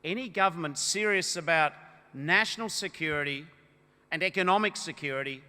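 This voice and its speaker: An Australian man as a party leader giving a rousing political speech at a conference, with emphatic oratory that swells into loud, punchy declarations. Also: on the high side, fairly quick, clear, resonant tone. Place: large conference hall. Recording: echoey hall with long reverb.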